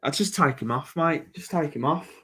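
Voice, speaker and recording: A man's voice: on the high side, normal speed, a bit bright, husky. A man with a Birmingham accent hosting a live match reaction stream, chatting bluntly about the game. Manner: blunt, chatty football banter. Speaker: football channel host.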